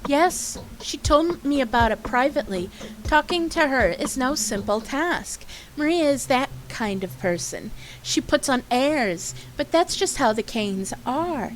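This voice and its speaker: A woman streamer reading a game's dialogue aloud, voicing a devoted young townswoman in a soft, sing-song voice. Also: high-pitched, animated, a little slow, slight background noise, voice pushed up, low-quality recording. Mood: confiding.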